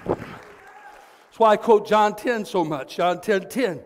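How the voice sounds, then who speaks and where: A male pastor preaching a sermon, telling stories with fervor and building up to shouted declarations. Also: high-pitched, takes it slowly, in a large hall, some chatter behind. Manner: impassioned storytelling, building to fervent shouting. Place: church sanctuary.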